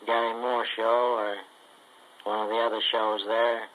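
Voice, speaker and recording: A man's voice: on the low side, little pitch movement, a little slow, phone-quality sound, a little hiss or hum. An older man rambling in a folksy recorded letter. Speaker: ventriloquist.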